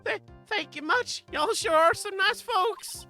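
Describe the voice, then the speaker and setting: A woman voicing a panicked male magician with an American Southern accent, pleading loudly. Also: very high-pitched, a little slow, faint music behind, voice pushed up, full character voice. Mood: grateful. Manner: frantic, pleading, loud.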